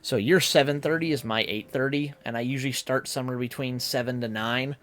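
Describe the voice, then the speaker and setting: A male streamer talks loosely and at length to his chat, in a middle-pitched voice. He rambles from one thing to the next and fills the gaps with ums and likes. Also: fairly even intonation, fairly quick, a bit bright. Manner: rambling and talkative, many fillers. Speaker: live streamer. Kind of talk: casual live-stream chat.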